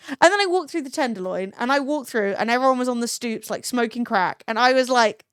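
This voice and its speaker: British woman streamer, bright higher voice, chatty and sweary, dry close-miked. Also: brisk, few pauses, smooth, dry recording. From London, England. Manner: chatty storytelling, swears freely, laughs often. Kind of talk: casual chat.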